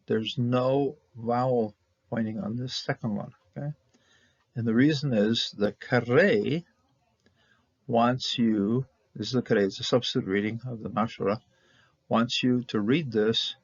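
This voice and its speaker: Guy with a gravelly husky voice going through hebrew verses, lots of uh and okay?, dry dull lo-fi sound. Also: medium pitch, no room sound. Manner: halting, many fillers, checks in with "okay?". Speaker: Hebrew teacher.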